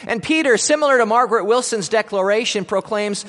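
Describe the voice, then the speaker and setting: A male pastor giving an Easter sermon, telling a story dramatically, swinging between loud declaiming and quiet moments. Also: high-pitched, brisk, few pauses, long reverb tail. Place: church.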